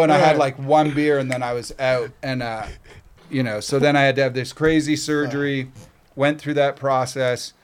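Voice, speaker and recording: Over crowd noise, a middle-aged man from Canada speaks at normal speed with a medium pitch and steady tone. He's a podcast guest telling stories casually, cursing freely and doing the voices of people he quotes.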